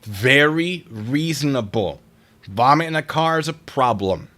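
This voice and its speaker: A male streamer with a lively, bouncing pitch reads reader stories aloud and riffs on them in a chatty, wry manner. His voice sounds bright and forward. He thanks viewers for donations as he goes. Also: unhurried. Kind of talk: casual live-stream commentary.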